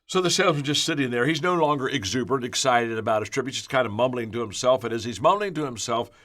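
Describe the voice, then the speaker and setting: A man's voice: mid-range voice, fast, fairly bright tone. A man giving a motivational leadership talk, repeating key phrases for emphasis and telling stories. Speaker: leadership speaker.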